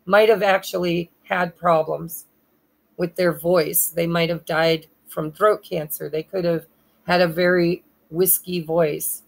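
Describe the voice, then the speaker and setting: A woman reads a pick-a-pile tarot spread in a lowish, gravelly voice. Her throat is hoarse and she keeps clearing it. She moves haltingly, spelling names letter by letter and sometimes losing her place. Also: level tone, low-quality recording. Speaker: tarot reader.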